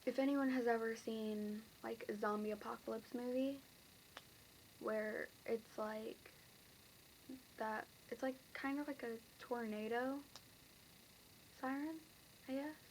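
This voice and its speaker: A woman's voice: a little high, slight background noise, poor audio. A teenage girl casually recounting a dream to camera, rambling and full of fillers. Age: teens. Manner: rambling, filler-heavy, breathless retelling.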